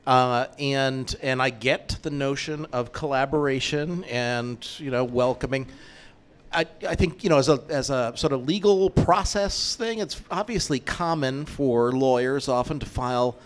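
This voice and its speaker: A man, a lawyer, asks a long question at a meetup, rambling and halting with many fillers. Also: medium pitch, clean tone. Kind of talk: Q&A moderator question.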